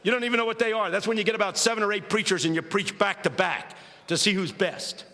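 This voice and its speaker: A man from Philadelphia preaching a humorous storytelling sermon with animated comic delivery that builds into shouted preaching, in a large hall. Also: high voice, fast talker. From United States, Philadelphia. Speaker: preacher and guest speaker. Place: large hall with a live audience. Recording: reverberant hall, faint ambience.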